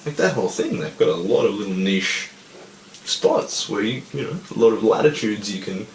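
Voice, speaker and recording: A man's voice: fairly low pitch, expressive, normal speed, reverberant, a little hiss or hum, poor audio. A stoned man in casual chat who rambles, swears a lot, and keeps losing his train of thought. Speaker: podcast co-host.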